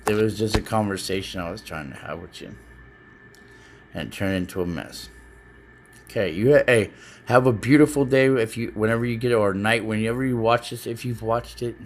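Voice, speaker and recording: A man recording a personal video message to his child, talking in an earnest, halting way and often repeating words as he searches for what to say. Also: fairly low pitch, a little hiss or hum. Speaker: parent speaking to his child. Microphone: self-recorded video, facing the camera.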